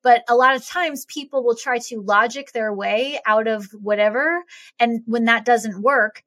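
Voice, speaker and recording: A woman speaking as a podcast guest, explaining in an emphatic, animated and blunt way. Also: on the high side, moderate pace, no room sound. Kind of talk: conversational explaining.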